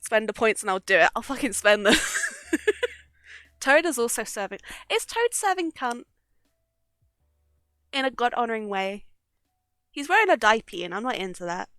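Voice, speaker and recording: A woman's voice: on the high side, lively intonation, moderate pace, pauses often, sharp tone, clean tone, no room sound, studio quality. A young woman streaming live, chatting casually and giggling often between sweary asides. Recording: faint background music.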